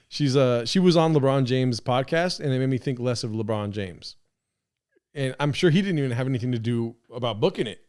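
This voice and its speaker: A man's voice: medium pitch, animated, a little fast, darkish tone. A man hosting a live stream, rambling in casual commentary with lots of swearing, fillers and restarts. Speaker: podcast host streaming.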